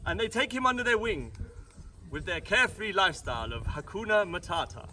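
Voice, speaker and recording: A man's voice: high-pitched, expressive, fairly quick, bright, forceful tone, distant mic. Rambling jokey British storyteller man. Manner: rambling, jokey asides, frequent restarts. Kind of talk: comic family retelling. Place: family home at Christmas.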